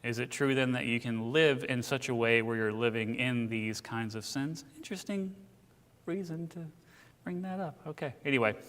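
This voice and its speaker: A man's voice: mid-range voice, fairly bright tone. A man teaching a casual church Bible class, telling stories in a conversational way with asides. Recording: church hall with long reverb.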